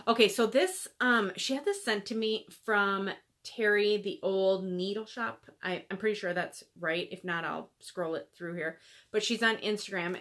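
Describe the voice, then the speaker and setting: A woman's voice: medium pitch, fairly bright tone, slight background noise. Chatty woman gushing over stitched gifts. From American Midwest. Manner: gushing, chatty, many fillers, drops to near-whispers. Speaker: Flosstube host showing gifts. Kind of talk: casual chat to camera.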